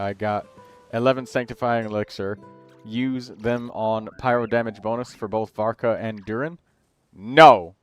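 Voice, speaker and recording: A man with a clean, mid-range voice hosts a game livestream. He chats casually and rambles through build advice, tossing in quick asides to chat.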